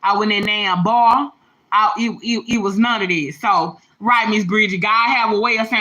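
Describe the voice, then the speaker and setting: A woman, hosting a livestream and telling stories in an animated way, laughing, swearing and calling her viewers y'all and baby. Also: medium pitch, moderate pace, poor audio. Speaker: livestream host. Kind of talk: casual storytelling to viewers. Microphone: phone or webcam livestream.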